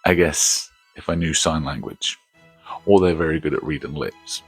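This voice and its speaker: Husky low-voiced guy rambling about a movie, laughs a lot, swears, dry mic w faint music bed. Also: moderate pace, dry recording. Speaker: movie review host. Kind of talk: casual movie review chat.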